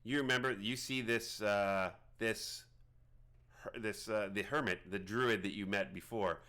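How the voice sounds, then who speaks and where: A man narrating a tabletop game as game master, rambling with many halting restarts. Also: fairly low pitch, fairly even intonation, sharp tone.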